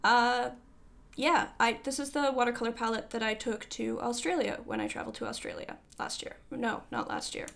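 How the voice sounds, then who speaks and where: A woman recording a casual voiceover for her vlog, talking quickly and rambling, with self-deprecating asides and many fillers. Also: fairly high pitch, animated, creaky, a bit bright. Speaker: artist giving a sketchbook tour. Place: home art studio. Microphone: voiceover microphone.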